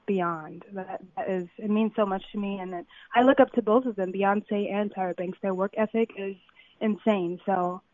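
A young woman from Compton, a model, telling stories excitedly with many fillers in an interview. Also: medium pitch, moderate pace, no room sound. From Compton, California. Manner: excited, filler-heavy storytelling. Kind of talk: phone interview, casual storytelling. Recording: tinny phone line.

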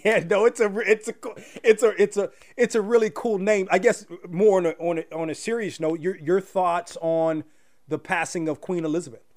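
Host guy, pretty high voice, trips over his words asking stuff. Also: fairly even intonation, a little mellow. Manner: halting, stumbling over phrasing. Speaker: radio show host. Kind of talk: interview questions.

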